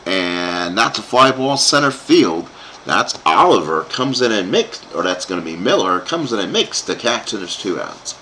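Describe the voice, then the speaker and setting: A man's voice: on the low side, sing-song, normal speed, sharp tone, a little hiss or hum. A man calling play-by-play for a tabletop baseball game he is playing himself, rambling into asides for his live chat. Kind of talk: play-by-play commentary of a dice game.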